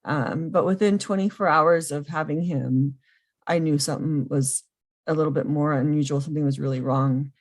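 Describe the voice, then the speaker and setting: A woman in her thirties telling a personal story earnestly, often pausing with ums. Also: low voice, steady tone. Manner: earnest and emotional, with frequent ums. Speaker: podcast guest, foster and adoptive mother.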